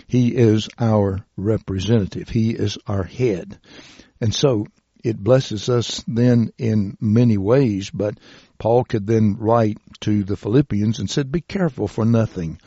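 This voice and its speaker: Slow, husky-voiced male preacher. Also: on the low side, warm tone, no echo, lo-fi sound. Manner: slow, deliberate, reads scripture aloud. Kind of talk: sermon.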